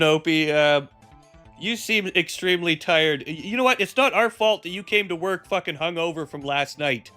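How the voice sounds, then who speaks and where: Brief: man hosting a live stream, bright and high, energetic announcer who swears freely. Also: moderate pace, faint music behind. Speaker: host.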